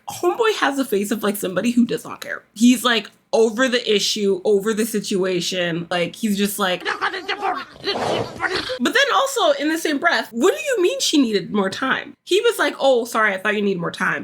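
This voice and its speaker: A woman's voice: fairly high pitch, big pitch swings, moderate pace, fairly bright tone. A woman hosting a casual reaction video, recapping a reality show in a chatty, exasperated way with lots of fillers.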